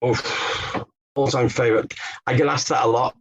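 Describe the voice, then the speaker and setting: A man's voice: medium pitch, steady tone, normal speed, husky, highs cut off. A man, an author and Beatles expert, telling stories as a podcast guest with some fillers and restarts. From England. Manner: storytelling, explanatory, with fillers and restarts. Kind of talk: podcast interview answers.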